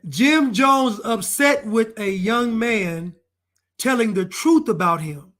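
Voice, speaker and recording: Male commentator, high voice, emphatic and repetitive, solo opinion monologue. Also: animated, slow, a bit bright. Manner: emphatic and repetitive, hammering points home. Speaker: online commentator.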